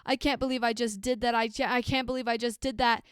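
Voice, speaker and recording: Woman doing a panicked teen boy, frantic, repetitive, smooth clear voice. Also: on the high side, flat delivery, fast talker, no room sound, studio quality, lightly acted. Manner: frantic, repeating himself. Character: panicked teenage boy after a crime.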